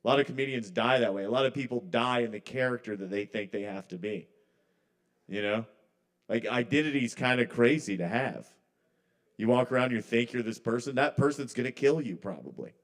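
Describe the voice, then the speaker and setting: A man talks through a loose stand-up set at an open mic, rambling and conversational in his middle-pitched voice. His thoughts often trail off before he picks them back up. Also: a little fast. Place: live kava bar open mic.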